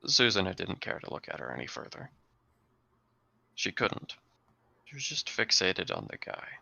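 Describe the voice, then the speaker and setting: A man running a tabletop role-playing game as game master, narrating the story for his players and sometimes dropping to a hush. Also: low-pitched, big pitch swings, moderate pace, creaky, dry recording. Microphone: desk mic on a live stream.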